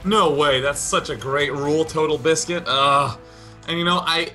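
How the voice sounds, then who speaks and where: A man's voice: on the high side, pushed and bright, soft background music. A man co-casting a live esports match, eager and joking as he talks through the players and maps. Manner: eager, joking, quick to laugh. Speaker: esports co-caster. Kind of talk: live game commentary.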